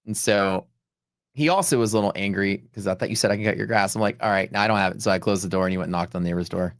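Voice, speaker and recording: A man's voice: fairly low pitch, very fast, no echo, studio quality. A man hosting a live trading stream, telling rambling stories in a casual, chatty way with lots of "like" and "dude". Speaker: livestream host and futures trader.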